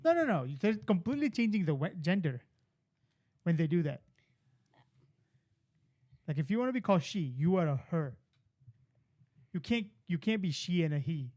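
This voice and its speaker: A man's voice: fairly high pitch, expressive, normal speed, long pauses, darkish tone. A man co-hosting a casual podcast, telling dad jokes in a matter-of-fact way. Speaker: podcast co-host. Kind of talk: casual chat.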